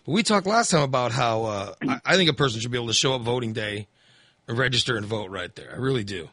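Guy on talk radio, bright tense voice, rambles on. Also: medium pitch, fast, no echo. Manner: rambling, animated, acts out angry voters. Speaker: radio host. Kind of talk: casual call-in chat.

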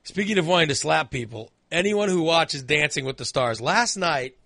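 A man hosts a talk show, firing off opinions in a sarcastic, exasperated rant. His voice is forceful and bright, sitting somewhat high for a man. It is recorded dry and close on a studio microphone, with no room sound. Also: expressive, moderate pace, gravelly, dry recording.

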